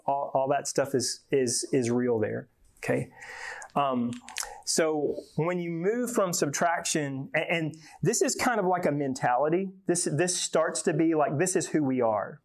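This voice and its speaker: A man's voice: fairly high pitch, normal speed. Folksy man giving a talk. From Georgia, USA. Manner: folksy, joking, repeats words often. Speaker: conference speaker. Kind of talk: live conference talk.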